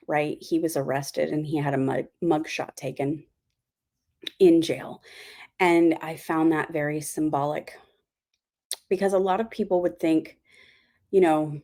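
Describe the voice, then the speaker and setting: A woman's voice: low-pitched, mellow. A woman giving a casual spiritual talk as host of her channel, rambling with many fillers and apologies.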